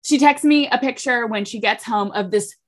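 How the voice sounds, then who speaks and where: A woman's voice: on the high side, normal speed. A young woman co-hosting a casual chat podcast, telling gossipy stories about her family and acting out what each person said. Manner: gossipy storytelling, acts out quoted voices. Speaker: podcast co-host.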